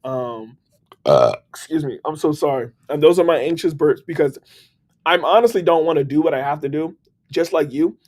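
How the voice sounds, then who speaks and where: A man hosting a casual motivational live stream, upbeat and slangy, giving shout-outs to his viewers. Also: a little high, lively intonation, moderate pace. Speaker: livestream host. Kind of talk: casual motivational livestream talk.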